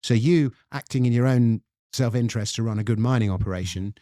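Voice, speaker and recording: An English man talking as an animated storyteller, explaining history to his host. His voice sits at an ordinary middle pitch. The sound is dry and close, with no room echo. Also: brisk. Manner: animated storyteller, reads quotes aloud. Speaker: guest author.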